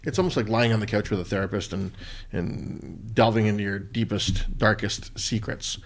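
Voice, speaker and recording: A middle-aged man co-hosting a podcast, talking in a thoughtful, halting way with restarts. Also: lowish voice, steady tone. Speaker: podcast co-host. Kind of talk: casual conversation.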